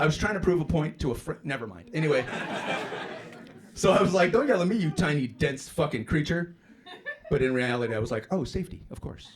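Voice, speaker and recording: A man doing a stand-up comedy set, telling a profane story with sudden loud outbursts. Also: mid-range voice. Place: comedy club stage with a live audience. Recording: live club with loud crowd laughter. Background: audience laughter.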